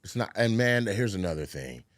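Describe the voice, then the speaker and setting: A man's voice: lowish voice, normal speed, no echo, studio quality. A man co-hosting a podcast, telling a story in casual chat and acting out what people said, with plenty of swearing. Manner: animated, acts out quotes, profane. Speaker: podcast co-host.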